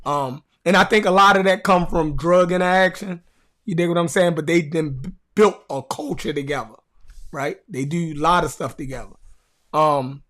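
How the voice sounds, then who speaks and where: A man's voice: a little high, a bit bright. A man with a Baltimore accent hosting a podcast, telling stories in a casual, slangy way and often checking in with "you know what I mean.". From Baltimore, USA. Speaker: podcast host.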